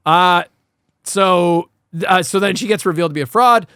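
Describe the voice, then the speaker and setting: A man's voice: sits high, normal speed, pushed and bright, clear, resonant tone, no room sound, studio quality. Rambling, profane podcast host man. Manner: rambling, profane, many fillers. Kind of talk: casual podcast chat.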